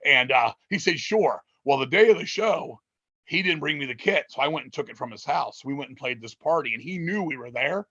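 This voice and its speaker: Profane, rambling man with a bright voice. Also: medium pitch, brisk, husky, no echo, muffled recording. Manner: profane, rambling, animated storytelling. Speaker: interviewee, metal musician. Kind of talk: casual storytelling interview.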